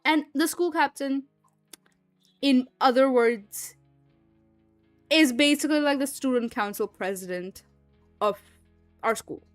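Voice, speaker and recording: A woman's voice: high voice, unhurried, pauses often, no echo, soft background music. A young woman streaming, chatting casually and rambling with lots of fillers and frequent laughs. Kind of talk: casual livestream chat.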